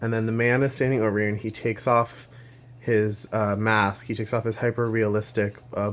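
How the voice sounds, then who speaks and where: A man doing a comic monologue, telling a long, rambling second-person story with halting restarts. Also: fairly low pitch, fairly bright tone. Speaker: comedian.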